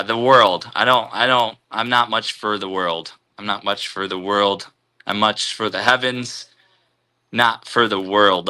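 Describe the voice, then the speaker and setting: A man's voice: fairly low pitch, pushed and bright, clear, resonant tone. A man hosting a casual live stream, greeting viewers and rambling loosely through spiritual musings.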